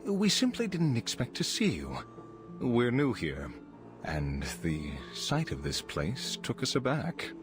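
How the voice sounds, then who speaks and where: A man playing a calm, courteous gentleman. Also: mid-range voice, takes it slowly, over music. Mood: polite.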